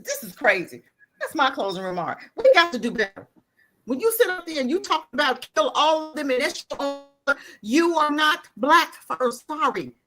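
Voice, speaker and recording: A woman's voice: high-pitched, pushed and bright. A woman giving blunt, impassioned commentary as a guest on a podcast.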